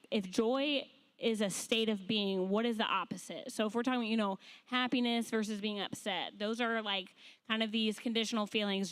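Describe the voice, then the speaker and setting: A woman's voice: medium pitch, a bit bright, clean tone. A woman on a church panel speaking frankly and reflectively. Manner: frank, reflective, self-aware.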